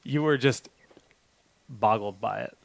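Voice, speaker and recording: A man hosts a relaxed podcast chat, joking his way through the talk. He speaks at an ordinary pitch. His voice sits close on the mic with a dry sound. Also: slow pace, creaky, dry recording. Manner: joking, easygoing. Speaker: podcast host. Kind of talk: casual chat.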